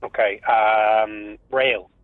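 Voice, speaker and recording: Relaxed caller on a phone line. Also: male voice, on the low side, drawn-out words. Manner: relaxed, brief answers. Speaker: caller, contestant.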